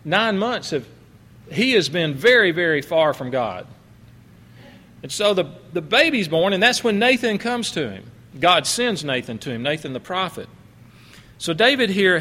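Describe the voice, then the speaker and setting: Pastor preaching in a reverberant church. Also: male voice, on the high side, bright, forceful tone. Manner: conversational, laughing asides, quoting others in changed voices. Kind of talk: sermon. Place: church sanctuary. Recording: long reverb of a church hall.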